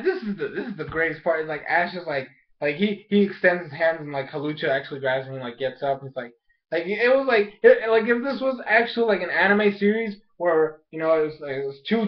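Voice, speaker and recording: Excitable high-voiced man recapping a cartoon. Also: a little fast, dull audio. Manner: rambling, excitable, acts out characters. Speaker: anime reviewer. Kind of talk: casual episode recap.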